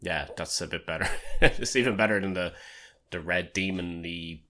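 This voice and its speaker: A man's voice: low voice, sharp tone, slight background noise. A man co-hosting a true-crime podcast, cracking profane jokes and banter. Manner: wisecracking, profane, quick jokes. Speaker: podcast co-host.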